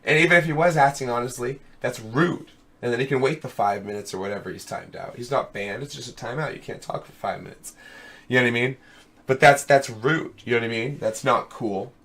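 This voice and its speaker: A young man with a hoarse, worn voice, streaming and chatting casually with his viewers, rambling with lots of fillers and calling them dude and brother. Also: medium pitch, brisk, a bit bright. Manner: rambling, fillers of "you know what I mean". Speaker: streamer hosting a web show. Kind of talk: casual live-stream chat. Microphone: headset.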